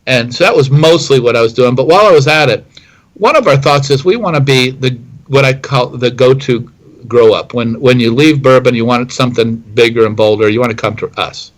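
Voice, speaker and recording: A middle-aged whiskey distiller, guest in an interview, tells a long, rambling story full of fillers and restarts. His mid-range voice is brisk, and the recording is rough.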